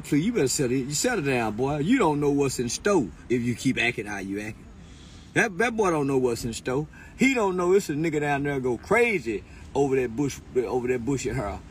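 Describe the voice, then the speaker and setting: High-voiced man in a taunting rant. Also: slight background noise. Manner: crude, taunting, laughs often; repeats words in bursts. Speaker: commentator. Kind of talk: profane mocking rant.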